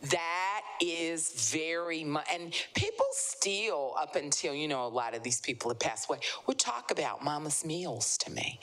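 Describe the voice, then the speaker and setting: A woman from the American South, an author telling stories in conversation at a live literary event, animated and acting out the voices of people she quotes. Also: deep voice, measured pace, few pauses. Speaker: author guest. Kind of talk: conversational storytelling.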